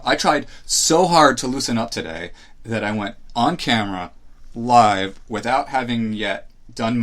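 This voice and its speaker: A man's voice: on the low side, vocal fry, a bit bright. A man hosting a solo podcast, talking casually in a rambling, hesitant, self-reflective way. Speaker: podcast host. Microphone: live stream setup.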